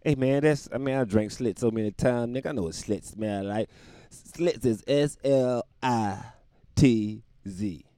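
A man's voice: mid-range voice, a little slow, mellow, no room sound, studio quality, voice pushed up, lightly acted. A man putting on the voice of an old-timer who says he drank the beer for years, boastful and knowing.

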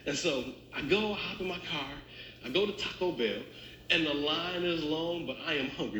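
A man preaching a sermon as pastor, telling humorous stories and speaking straight to the congregation in a lively, conversational way. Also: a little high, moderate pace, a little hiss or hum. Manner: animated, conversational, addresses congregation directly. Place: church sanctuary. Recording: roomy church echo.

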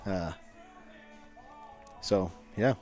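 A man's voice: deep voice, drawn-out words, darkish tone, faint music behind. A man in casual podcast chat, laid-back and dry-humored.

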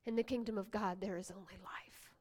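A woman pastor preaching a sermon, swinging from hushed whispers to loud exclamations, with playful asides to the congregation. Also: mid-range voice, steady tone, fairly quick.

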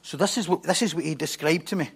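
A man preaching a sermon, telling a story with animated repetition and stumbling restarts. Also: a little high, quick pace, vocal fry, slightly rough.

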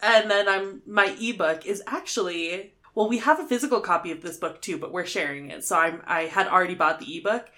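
A young woman with a slightly low voice chats casually on a book podcast. Her talk is loose and loaded with "like," and she laughs often. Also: fairly quick, few pauses, sharp tone. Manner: chatty, laughs often, says "like" a lot. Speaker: podcast co-host. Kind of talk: casual chat.

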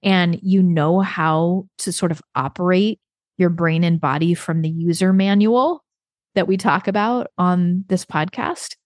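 A chatty woman hosts her own podcast, telling a story with frequent laughs and lively acted-out dialogue. Her voice sits a little low for a woman. The recording is dry and close, with no room sound. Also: measured pace, no echo. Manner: chatty, laughs often, animated quoted dialogue. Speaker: podcast host. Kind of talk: casual solo podcast storytelling.

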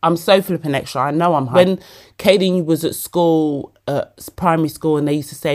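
A woman's voice: low voice, fairly even intonation, brisk, a little mellow. A woman, hosting a podcast and talking casually and emotionally about herself, often calling the listener babe. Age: 40s. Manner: chatty, emotional, self-mocking, calls listener babe. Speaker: podcast host. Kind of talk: casual personal monologue. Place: bedroom at home.

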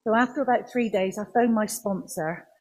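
Husky woman giving earnest testimony. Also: mid-range voice, rough recording. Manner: earnest, halting, with restarts. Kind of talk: personal faith testimony. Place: church.

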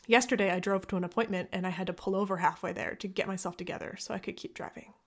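A woman hosting her own podcast as a physical therapist, talking candidly and reflectively, laughing at herself and dropping now and then into soft near-whispers. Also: medium pitch, steady tone, quick pace. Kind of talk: personal podcast monologue.

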